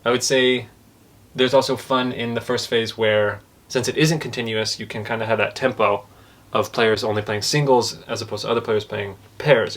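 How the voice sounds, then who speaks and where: A man's voice: mid-range voice, fairly bright tone. Man musing over a card game. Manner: thoughtful, comparing points while talking them through. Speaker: board game reviewer and host. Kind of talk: casual review chat.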